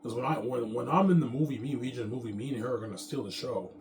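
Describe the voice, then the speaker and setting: A man's voice: mid-range voice, fast talker, noisy background. A man talking in a rambling, boastful, profane monologue, repeating himself as he goes. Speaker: vlogger. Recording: echoey room with music playing. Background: music.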